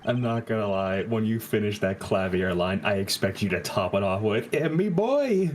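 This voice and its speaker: Man hosting a game, explaining fast. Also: sits low, level tone, slight background noise. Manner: explaining quickly. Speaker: host, game player. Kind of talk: casual let's-play chat.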